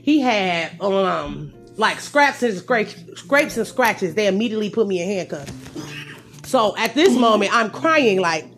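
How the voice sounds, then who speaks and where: A young adult woman casually telling a story to her viewers, with lively swings from loud outbursts to low asides. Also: normal speed, soft background music. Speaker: storyteller vlogger.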